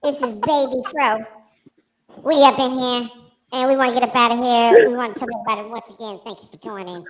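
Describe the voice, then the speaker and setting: A man putting on a high baby voice to play a sassy, hyped-up figure in a wig while signing off his show. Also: fairly even intonation, a little fast, rough recording. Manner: loud, hyped sign-off announcer. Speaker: host.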